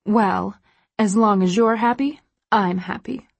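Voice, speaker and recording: A woman voicing a caring young female best friend who talks lightly and affectionately, in a higher voice than her narration. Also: a little slow, vocal fry, husky, no room sound.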